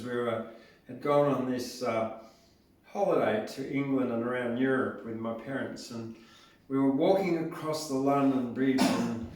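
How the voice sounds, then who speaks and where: A man at an open mic poetry night, introducing his poems with rambling, hesitant asides. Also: medium pitch. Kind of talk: casual poetry reading intro. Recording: roomy hall from a distance.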